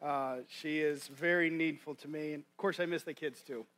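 A man preaching a guest sermon in a church, his voice sitting a little high for a man. He talks in a folksy, conversational way, often restarting his sentences. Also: fairly even intonation, normal speed, a bit bright. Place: church sanctuary.

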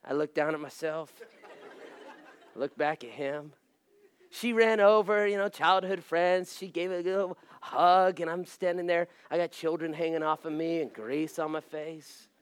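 A man in his thirties, a pastor, telling a humorous story from the pulpit, self-mocking and animated. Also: on the high side, unhurried, clear, resonant tone, dry recording.

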